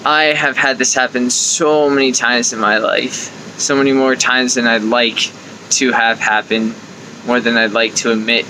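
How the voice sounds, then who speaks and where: Bright-voiced young man chatting to camera. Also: medium pitch, measured pace, slight background noise, low-quality recording. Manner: conversational, acts out inner thoughts with lively quoted asides. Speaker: life coach and video host. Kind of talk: casual talking-to-camera advice.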